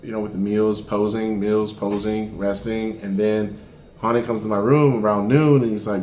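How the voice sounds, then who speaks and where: A man being interviewed as a competitive bodybuilder, telling his story in a lively, profane way and acting out what he said back then. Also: on the low side, normal speed, slight background noise. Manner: lively and profane, acts out his own past lines. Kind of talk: animated storytelling in conversation. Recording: roomy echo.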